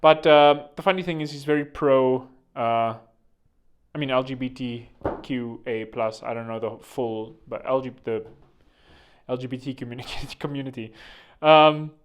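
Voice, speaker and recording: A man's voice: mid-range voice, fairly even intonation, normal speed, slight background noise. A man hosting a vlog with rambling comedic commentary, joking and digressing, full of fillers. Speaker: vlog host.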